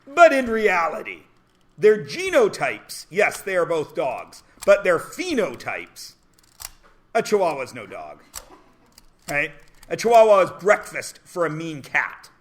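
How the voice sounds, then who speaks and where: A man teaching a math class in a classroom, lecturing in a high voice. His pitch leaps and dives as he jokes and rants, now and then bursting into a shout. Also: wildly swooping pitch, measured pace. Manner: loud, joking rants with sudden shouts.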